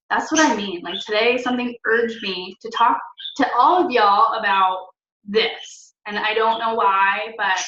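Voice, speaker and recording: A woman's voice: on the high side, a little slow, sharp tone. A young woman talking in a chatty, rambling, encouraging way in a casual motivational vlog recorded at home. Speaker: network marketing team leader. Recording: roomy, distant, dull lo-fi sound.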